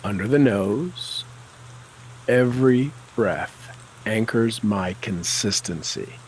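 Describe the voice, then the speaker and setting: A man leading a guided tapping session, calling out tapping points and repeating affirmations with slow, deliberate coaching cues. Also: lowish voice, a little hiss or hum, rough recording.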